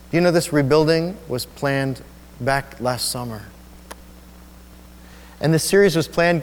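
A man's voice: medium pitch, slight background noise. Man preaching, emotional story, church reverb. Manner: emotional, repetitive storytelling with halting restarts. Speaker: pastor. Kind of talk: sermon with personal story. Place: church sanctuary.

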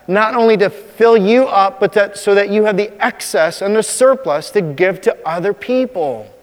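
A man preaching a sermon as a pastor, talking conversationally and slowing down to stress key points. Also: high-pitched, long reverb tail. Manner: conversational preaching, slows for emphasis.

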